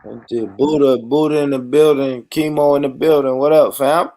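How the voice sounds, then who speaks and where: Man, casual chat, relaxed, short remarks, laughs along. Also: mid-range voice, normal speed.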